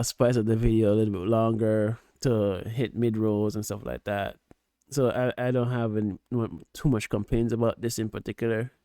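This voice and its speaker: A man in casual reaction commentary, his voice dark and mellow and close to the mic in a dry, dead room. He talks patiently, stumbles and repeats words as he explains his point. The pitch sits in a middle register. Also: clear, resonant tone, dry recording. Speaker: streamer reacting to a video.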